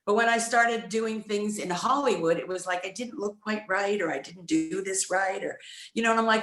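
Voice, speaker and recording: A woman's voice: medium pitch, huge pitch swings, unhurried, long pauses, echoey room. A woman actor answering a press question on a video call, hesitant and thoughtful, laughing between phrases. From United States. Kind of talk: virtual press conference answer.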